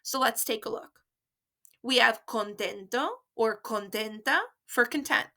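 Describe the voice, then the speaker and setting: A woman teaching a beginner Spanish lesson, explaining patiently and modeling phrases slowly and carefully for learners to repeat. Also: a little high, pushed and bright. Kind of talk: slow, clear language lesson with repeat-after-me drills.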